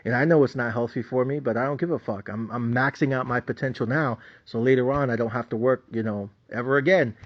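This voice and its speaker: A man's voice: medium pitch, fairly even intonation, fast talker, few pauses. A middle-aged man, a stock market trader, ranting in a boastful, mocking manner and swearing constantly. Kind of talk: profane unscripted rant. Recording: dull lo-fi audio.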